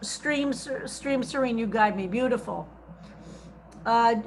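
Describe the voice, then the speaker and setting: A woman with a somewhat high voice leads a psalm study as a rabbi, speaking over a video call. She reads verses aloud and explains the Hebrew grammar patiently. A faint hiss sits under her voice. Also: measured pace, rough recording. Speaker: rabbi teaching a psalm class.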